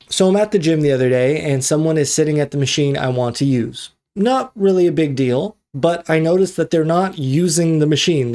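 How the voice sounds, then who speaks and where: A man with a slightly high voice hosts a solo tech podcast. He tells his story in a loose, ranting way and acts out the quoted lines as he goes. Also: darkish tone. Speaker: podcast host. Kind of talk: casual solo podcast monologue.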